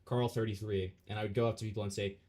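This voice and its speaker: A man's voice: on the low side, level tone, quick pace, over a noisy crowd. A man hosting a casual stream, chatting with friends and rambling through his stories with restarts. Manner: rambling, self-interrupting storyteller. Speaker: streamer host.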